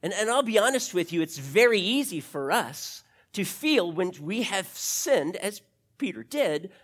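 An animated pastor preaching a sermon straight to the congregation. The voice shifts from quick, loud bursts to slow, quiet emphasis. The pitch swings widely, with a mid-range tone. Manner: talks directly to the congregation.

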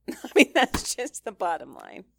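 A woman's voice: mid-range voice, huge pitch swings, a little slow, gravelly, no echo, clean studio sound. A middle-aged woman giving an earnest, conversational Christian teaching talk, laughing lightly and often restarting her sentences. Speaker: speaker teaching mothers.

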